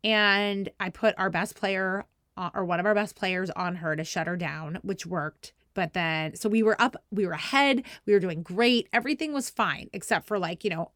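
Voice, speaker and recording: A woman in her thirties hosting a podcast, telling a story in a lively, self-mocking way and acting out shouted lines. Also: medium pitch, moderate pace, no room sound, studio quality. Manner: animated, self-deprecating, acts out shouted quotes. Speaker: podcast host. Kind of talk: casual storytelling.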